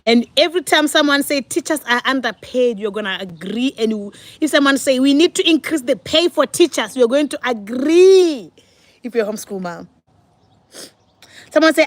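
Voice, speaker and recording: A woman's voice: high-pitched, a little hiss or hum. A woman in her forties, a mother and vlogger, chatting casually to her viewers at home and laughing often. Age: 40s. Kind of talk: casual sit-down chat.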